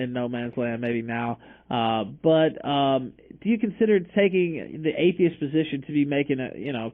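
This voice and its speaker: A man hosting a live debate show, moderating loosely and reading out viewer messages in an easygoing way. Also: medium pitch. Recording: tinny call-quality audio.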